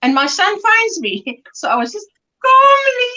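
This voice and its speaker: A woman's voice: very high voice, a little slow, muffled recording. A middle-aged woman with a South African accent, hosting a casual livestream chat and telling stories with frequent laughs. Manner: animated storytelling, laughs often. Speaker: livestream host.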